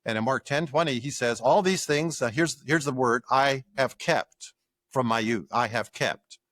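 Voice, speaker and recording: An older man, a guest scholar in an interview, explaining with lively examples and acted-out quotes. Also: medium pitch, moderate pace, dry recording. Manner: animated explainer acting out examples.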